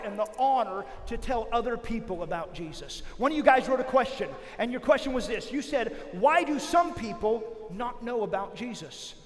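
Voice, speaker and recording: Guy giving a youth sermon, goes loud then whispery, big echoey hall. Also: very high-pitched. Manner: animated, swings from loud calls to hushed whispers. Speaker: youth camp speaker. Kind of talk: energetic youth sermon with storytelling.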